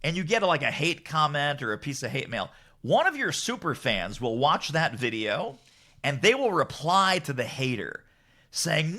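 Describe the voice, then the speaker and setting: A middle-aged man with a bright, forceful voice, speaking as a podcast guest. He swings his pitch widely as he tells stories and acts out what people said, with frequent laughs. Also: moderate pace. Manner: lively, acts out quotes with big pitch jumps, laughs often. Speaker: guest, author and business strategist. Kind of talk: animated storytelling in podcast chat.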